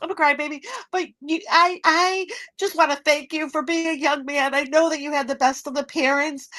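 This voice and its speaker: Female podcast host, a little high voice, gushing and teary, dry close sound. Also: a bit bright, dry recording. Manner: effusive, teary and heartfelt. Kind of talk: interview, heartfelt address.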